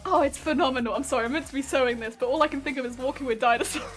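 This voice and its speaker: A woman's voice: sits high, racing. A chatty, giggly young woman streaming while she sews, gushing about a show and reading out chat. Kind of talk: casual chat while sewing. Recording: faint background music.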